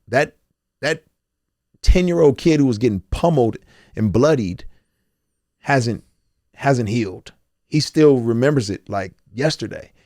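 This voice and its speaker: A man's voice: fairly low pitch, darkish tone, no echo, studio quality. A man talking candidly as an interview guest, earnest and emotional, often quoting his own thoughts and restarting his phrases. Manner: loose, repeating words and restarting phrases. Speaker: podcast guest, rapper.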